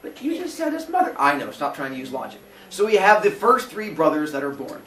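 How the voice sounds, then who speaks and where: A man teaching a class tells an old myth as a comic story and slips into quick voices for each character. His voice sits a little high and swings widely in pitch. He sounds set back from the mic in an echoey room, with a faint hiss of noise behind him. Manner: animated, jokey, acts out characters in quick voices. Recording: roomy echo from far off with faint noise.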